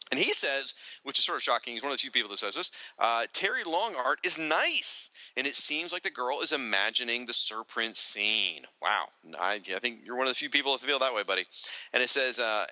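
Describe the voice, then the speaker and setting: A man's voice: mid-range voice, lively intonation, brisk, pushed and bright, no echo, rough recording. A man co-hosting a podcast, reading listener feedback aloud with joking asides to the listeners. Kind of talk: casual podcast chat.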